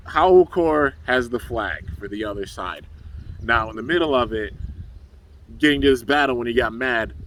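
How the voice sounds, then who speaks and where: A man's voice: mid-range voice, fairly bright tone, distant mic. A young man casually recapping a cartoon episode for his channel, rambling with lots of fillers. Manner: laid-back, rambling, full of fillers. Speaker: YouTube reviewer.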